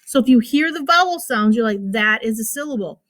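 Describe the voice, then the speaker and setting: A woman's voice: on the high side, expressive, a little fast, fairly bright tone. A woman teacher giving a recorded phonics lesson to children, patiently repeating words and sounding out their syllables.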